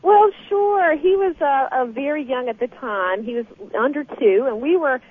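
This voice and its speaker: A woman guest telling a story with lively, animated energy in a radio interview, heard over the phone. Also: high voice, moderate pace. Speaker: guest author. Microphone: telephone. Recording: tinny phone line.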